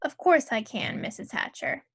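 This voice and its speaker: A woman's voice: sits high, animated, moderate pace, creaky. A woman playing a bossy wheedling schoolgirl. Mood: eager. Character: bossy pushy schoolgirl, about nine.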